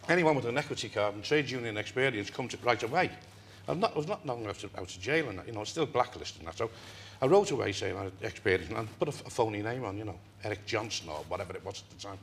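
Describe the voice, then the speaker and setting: An older man from England, a talk-show guest telling a long story in an animated way and laughing through it. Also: lowish voice, racing, hardly any pauses, slight background noise. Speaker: interview guest. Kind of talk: anecdotal storytelling.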